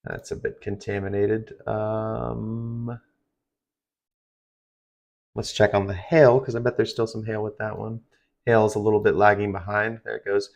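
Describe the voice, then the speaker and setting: A man's voice: fairly low pitch, little pitch movement, unhurried, creaky, long pauses, a little mellow, highs cut off. Tired man doing live weather coverage. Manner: rambling, filler-heavy, conversational. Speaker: livestream weather host.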